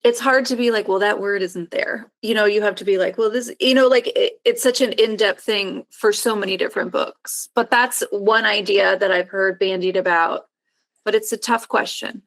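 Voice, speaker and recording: A woman's voice: medium pitch, fairly even intonation, moderate pace, fairly bright tone. A woman speaking as a panelist on an online panel discussion, talking loosely with fillers and restarts. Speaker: panelist from a small nonprofit. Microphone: video call.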